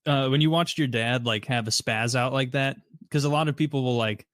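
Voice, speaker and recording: A man's voice: mid-range voice, a little fast, fairly bright tone, dry recording. A man hosting a podcast, chatting casually, laughing a lot and asking loose, joking questions. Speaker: podcast host. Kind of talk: casual chat.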